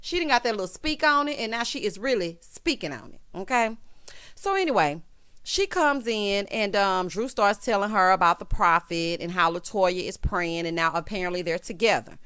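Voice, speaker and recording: A woman from Texas with a Southern twang, recapping reality TV in a sassy, animated way, calling everyone honey. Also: mid-range voice, normal speed, clean tone. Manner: sassy, animated, peppered with 'honey'. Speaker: recap vlogger.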